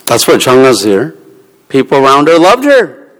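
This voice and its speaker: Bright-voiced preacher in a big hall. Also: male voice, medium pitch, huge pitch swings, moderate pace. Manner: conversational storytelling, acting out dialogue. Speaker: pastor. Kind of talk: sermon. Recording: long reverb of a large hall.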